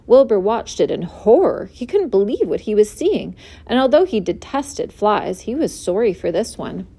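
A woman reading a children's book aloud, expressive and clear. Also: medium pitch, moderate pace. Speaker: storyteller.

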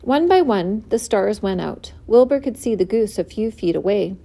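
A woman reading a children's book aloud, expressive and clear. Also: mid-range voice, normal speed. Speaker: storyteller.

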